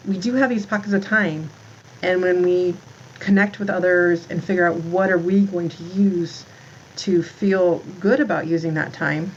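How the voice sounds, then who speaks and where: A woman's voice: on the low side, lo-fi sound, a little hiss or hum. A woman in her thirties, a podcast guest, talking in a rambling way about motherhood, full of "like" and restarts. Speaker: podcast guest, founder of a moms' community. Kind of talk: casual interview talk.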